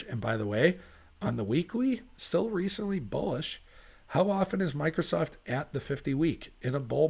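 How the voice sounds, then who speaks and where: A man's voice: mid-range voice, creaky, breathy edge. A man giving casual livestream chart commentary, chatty and thinking aloud, often correcting himself. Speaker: livestream market analyst.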